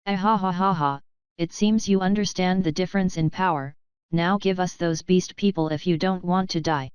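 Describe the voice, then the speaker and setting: A woman reading the lines of rough male bandit horsemen in an audio novel, crude, taunting and threatening. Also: lowish voice, fairly even intonation, normal speed, darkish tone, no echo, muffled recording, lightly acted. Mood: hostile.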